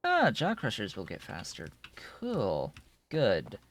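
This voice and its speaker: A man's voice: on the low side, wildly swooping pitch, slow pace. A man streaming a game, thinking aloud in a rambling way with many restarts. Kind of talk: casual live-stream commentary while playing.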